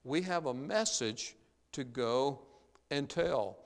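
A man's voice: medium pitch, animated, slow pace. A man preaching a sermon in an earnest, emphatic way, his voice rising when he quotes Scripture. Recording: long reverb of a large hall.

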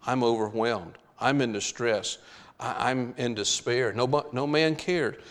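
A man's voice: mid-range voice, measured pace, fairly bright tone. A man preaching a sermon, stretching out key words for dramatic emphasis. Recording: long hall reverb.

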